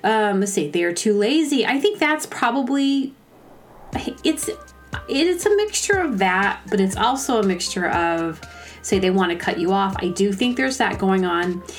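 A woman's voice: mid-range voice, expressive, unhurried, soft background music. A woman hosting a podcast, ranting casually and rambling with many restarts. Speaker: podcast host. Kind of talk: casual comedic rant.

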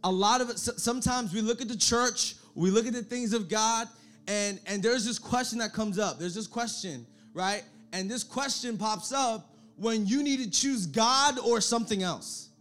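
A young man preaching to a young adult church group, energetic and repetitive, often calling out for the crowd to answer. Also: sits high, moderate pace. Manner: energetic, repetitive, calls for audience response. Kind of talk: sermon.

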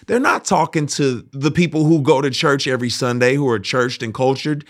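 A man's voice: on the high side, normal speed. A young adult man hosting a casual commentary monologue, telling stories animatedly and acting out the voices of people in them. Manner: animated storytelling, acts out voices of people in anecdotes. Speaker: host.

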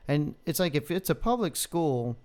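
A man's voice: a little high, very animated, normal speed, darkish tone. A man co-hosting a podcast, reeling off numbers in an emphatic, profane way. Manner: emphatic, profane, reciting figures. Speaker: podcast co-host. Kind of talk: casual chat.

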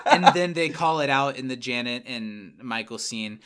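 A man's voice: medium pitch, expressive, fairly bright tone, clear, resonant tone. A man hosting a podcast, casually recapping a TV episode in chatty fashion over a remote call. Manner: chatty, retelling scenes with quick quoted voices. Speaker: podcast host. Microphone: remote call mic.

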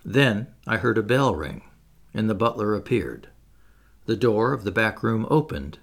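A man reading a classic adventure novel aloud as an audiobook, in an expressive, dramatic way. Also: on the low side, measured pace, gravelly. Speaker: audiobook narrator.

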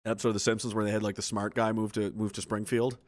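A man's voice: on the low side, flat delivery, quick pace. A man hosting a casual livestream, reading viewer comments aloud and answering with blunt, profane, exasperated rants.

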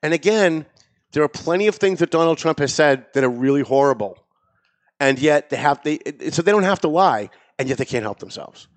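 A man's voice: a little high, expressive, brisk. A man hosting a political talk show, speaking in a sarcastic, mocking tone. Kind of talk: political commentary chat.

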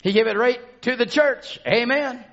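A man preaching a fervent sermon in a church, shouting and calling out to the congregation. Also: very high-pitched, moderate pace, vocal fry, highs cut off. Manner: shouting, call-and-response exhortation. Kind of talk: fervent Pentecostal-style sermon. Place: church sanctuary.

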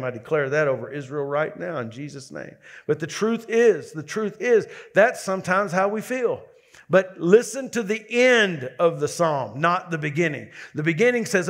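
A man's voice: fairly high pitch, expressive. Man preaching with emphatic, repeating delivery. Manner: preaching with rising emphasis and quick asides; repeats words when building a point. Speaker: lead pastor. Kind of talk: sermon.

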